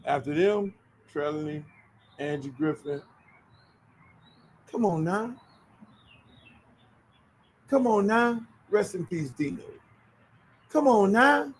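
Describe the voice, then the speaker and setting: A middle-aged man hosting his own show, telling casual stories in an animated, profane way. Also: high-pitched, slow, long pauses, a little hiss or hum, rough recording. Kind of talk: casual storytelling.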